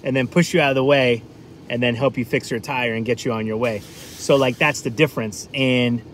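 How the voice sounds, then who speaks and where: A man's voice: medium pitch, fairly even intonation, normal speed, a little hiss or hum. Chatty New man on a livestream. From New England. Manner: rambling, chatty, lots of fillers. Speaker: livestream food vlogger. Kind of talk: casual live-stream chat.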